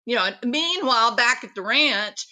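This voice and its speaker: A woman's voice: a little high, expressive, normal speed, bright, forceful tone. A woman hosting her own commentary channel, talking in a sarcastic, mocking monologue. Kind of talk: opinionated monologue.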